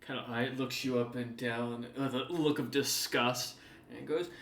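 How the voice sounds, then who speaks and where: Game master guy, bright voice, lots of ums, echoey room. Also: mid-range voice, fairly even intonation, a little slow. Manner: loose, filler-heavy scene description. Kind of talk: narrating a tabletop game.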